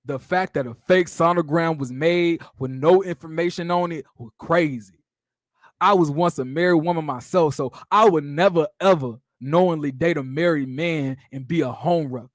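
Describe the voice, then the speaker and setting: A man voicing a cheating husband, reading out a defensive public statement in a deep, mock-serious way. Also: normal speed, fairly bright tone, dry recording, studio quality, natural voice.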